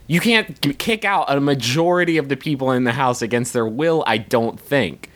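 A man's voice: medium pitch, moderate pace, fairly bright tone. A man co-hosting a comedy podcast, talking in an exasperated, rambling way and swearing often. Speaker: podcast co-host. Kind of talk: casual comedic chat.

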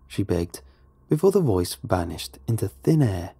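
A man reads a first-person horror story in a low, dark, husky voice. His pitch moves a lot as he leans into the hushed, dramatic moments. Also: very animated, unhurried, no room sound. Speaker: narrator.

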